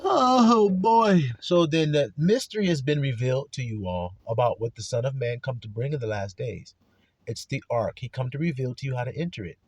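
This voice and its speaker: A man's voice: medium pitch, animated, brisk, a little mellow, breathy edge, dry recording. A man preaching a blunt, profane religious monologue with heavy cursing. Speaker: religious speaker.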